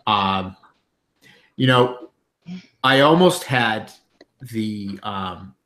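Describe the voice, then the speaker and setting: A man narrating as game master of a tabletop game, halting with frequent ums and restarts. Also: fairly low pitch, fairly bright tone.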